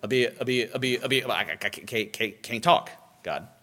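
A preacher doing a stammering, frightened Moses. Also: male voice, medium pitch, moderate pace, sharp tone, in a large hall. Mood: fearful pleading. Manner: stuttering, repeating words. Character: stammering frightened Moses, reluctant older man.

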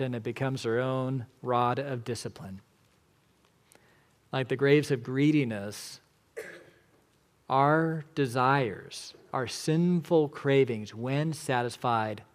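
A man preaching an expository sermon as pastor, emphatic, swinging between loud declarations and hushed lines. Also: fairly high pitch.

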